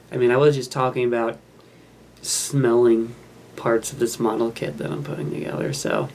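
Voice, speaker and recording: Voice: medium pitch, creaky, a little hiss or hum. A host giving casual running commentary over a film while building a model kit. They ramble in an offhand, self-mocking way.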